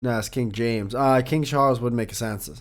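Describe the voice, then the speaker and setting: A man hosting a podcast in casual chat, animated and swearing freely, breaking into loud laughter. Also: mid-range voice, moderate pace. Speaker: podcast host.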